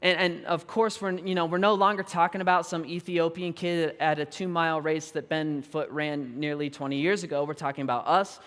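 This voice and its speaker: A pastor in his thirties tells a story from the pulpit, animated and quick to laugh at himself. His voice sits high for a man. The sound carries the long reverb of a big church hall. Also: smooth. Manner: animated and self-deprecating, laughing often. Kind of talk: storytelling sermon. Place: large church auditorium.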